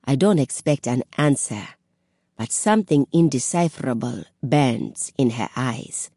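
Woman reading an audiobook in first person, low voice, slow and measured, dry close sound. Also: expressive, mellow, dry recording. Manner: measured, dramatic. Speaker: audiobook narrator.

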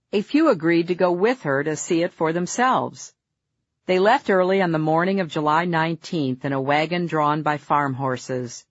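A woman reading her own memoir aloud in a measured, earnest, reflective way. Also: low-pitched, husky, no echo, dull audio. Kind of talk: memoir audiobook narration.

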